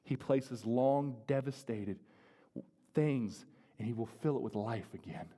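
A male pastor preaching a sermon, swinging from loud, fervent appeals to hushed, slow passages. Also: mid-range voice, slightly rough, in a large hall. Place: church sanctuary.

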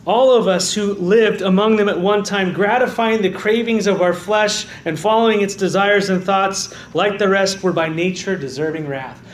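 A man preaching a sermon as pastor, dropping to quiet low stresses and rising to loud, fervent calls of "amen". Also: normal speed, hardly any pauses, reverberant. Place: church sanctuary.

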